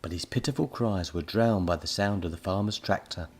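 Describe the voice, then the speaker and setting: A man narrating a children's story as an expressive audiobook reader. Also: sits low, brisk.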